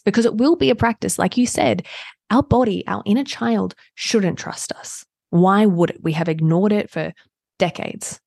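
Husky-voiced woman hosting a podcast. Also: mid-range voice, moderate pace, dry recording, studio quality. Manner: warm, affirming listener, frequent agreeing murmurs. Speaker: podcast host. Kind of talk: casual podcast conversation.

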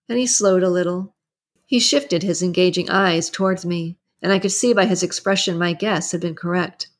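A woman reading a novel aloud in the first person, steady and measured, and hosting her own reading channel. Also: lowish voice. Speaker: book reader and channel host. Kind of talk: audiobook narration.

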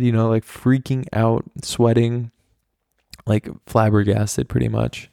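A man's voice: medium pitch, steady tone, normal speed, vocal fry, dark tone, no echo, clean studio sound. An American man hosting a podcast, telling candid personal stories in a rambling, casual way, full of "like" fillers and swearing. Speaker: podcast host. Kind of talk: casual storytelling monologue.

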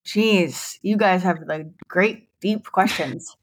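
A woman's voice: fairly low pitch, slow. A woman in her thirties, a guest on a podcast, talking candidly about her business and laughing often. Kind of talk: casual interview chat.

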